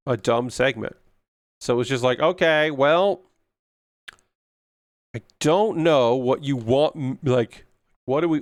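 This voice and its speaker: A man's voice: a little high, clean tone, no room sound, studio quality. A young man chatting casually on a livestream while building a model kit, ranting with frequent swearing and filler words. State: yawning.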